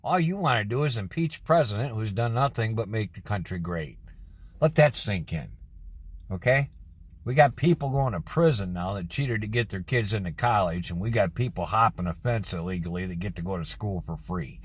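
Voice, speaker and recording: A man, possibly, delivering an angry, combative political rant that swings between low mutters and loud, high-pitched outbursts. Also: expressive, normal speed, breathy edge, dry recording. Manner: combative, ranting, gets louder and higher when worked up. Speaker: political commentator.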